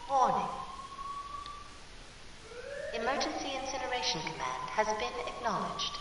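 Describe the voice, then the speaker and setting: A creepy cold computer announcer. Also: female voice, fairly high pitch, measured pace, heavy background noise. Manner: flat, mechanical, announcing warnings. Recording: echoey distant hall over loud music.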